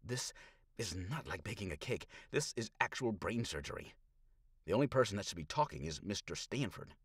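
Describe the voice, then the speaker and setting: A man's voice: fairly low pitch, lively intonation, moderate pace, breathy edge, no echo, studio quality. A man voicing a stern male brain surgeon who talks in a clipped, exasperated way.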